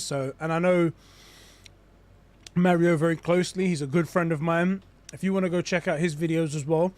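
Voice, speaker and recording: A man's voice: a little high, a little mellow, no room sound. A young adult man chatting casually on a live stream, theorizing in a rambling way with lots of restarts. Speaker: gaming streamer.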